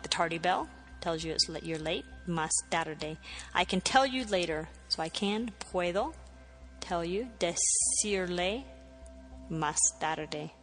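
A woman's voice: on the low side, fairly bright tone. A woman teaching a Spanish lesson, patiently repeating phrases and spelling words out letter by letter. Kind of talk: language lesson.

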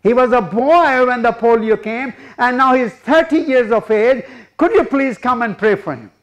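High-voiced man preaching. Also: moderate pace, highs cut off. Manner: retells a story, acting out the speakers in it. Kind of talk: sermon testimony.

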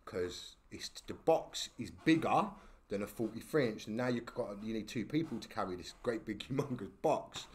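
A man, a podcast guest telling stories in casual talk, animated and full of slang and tag questions. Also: fairly low pitch, moderate pace, few pauses. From England. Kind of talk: casual storytelling.

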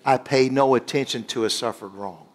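A man preaching, animated, stopping to search for words and drawing answers from the congregation. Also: medium pitch, normal speed. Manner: animated, call-and-response with congregation; rambling, restarts and searches for words. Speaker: guest preacher. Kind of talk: sermon.

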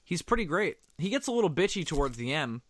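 A man's voice: on the high side, big pitch swings, fast talker, fairly bright tone, no echo. A man co-hosting a casual movie commentary, chatty, reacting to the screen and swearing casually. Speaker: commentary co-host.

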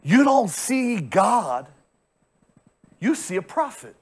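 A man preaching a lively sermon as pastor, conversational and funny, acting out characters and building to shouts. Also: sits high, slow pace, breathy edge. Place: church sanctuary.

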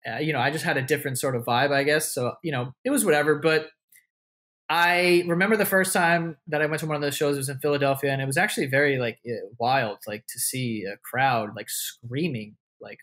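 A man's voice: fairly high pitch, brisk, fairly bright tone. A man, telling stories as a podcast guest in a loose, rambling way full of swearing and restarts. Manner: loose, swearing often, many likes and restarts. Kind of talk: casual interview storytelling.

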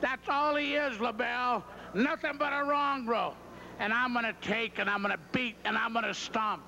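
A man trash-talking his opponents in a wrestling promo, brash and threatening. His voice is bright and very high-pitched. The sound is dull and muffled, with a faint hiss from old TV footage. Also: steady tone, moderate pace, gravelly. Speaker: pro wrestler.

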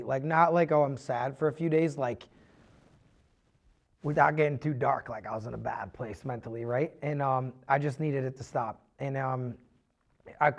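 A young adult man, a guest on a podcast, tells his own story earnestly and confessionally in a gravelly, medium-pitched voice. He rambles, leaning heavily on "like" and frequent restarts.

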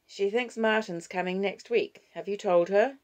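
A woman reading the part of a reluctant, self-absorbed grandmother in an audiobook, speaking briskly. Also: mid-range voice, voice pushed up, lightly acted. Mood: firm.

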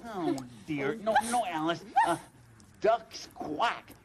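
An actor playing a huge, gentle, shaggy creature who talks slowly and softly. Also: male voice, high-pitched, expressive, heavy background noise, heavily acted. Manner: slow, drawling, sleepy and soft.

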